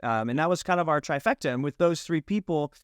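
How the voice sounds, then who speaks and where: A man's voice: a little high, lively intonation, fast talker, smooth, no room sound, clean studio sound. A man, a film director, telling anecdotes in a casual interview and acting out the dialogue.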